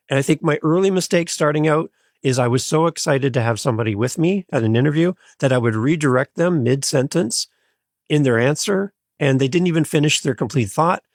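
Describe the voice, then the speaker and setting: A man guesting on a podcast, energetic and full of stories about his own shows. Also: on the high side, normal speed, no echo, studio quality. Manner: energetic, storytelling. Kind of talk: casual interview chat.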